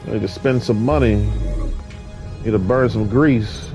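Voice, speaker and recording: A man's voice: on the low side, measured pace. A man rambling with preachy musings while commenting on his gameplay. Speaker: gamer. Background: game music.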